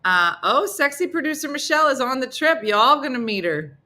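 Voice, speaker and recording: This live show host, a middle-aged woman, chats with her morning audience in a brisk, sing-song manner, her voice pushed and bright. She's playful and teasing, and she voices others in high, goofy tones.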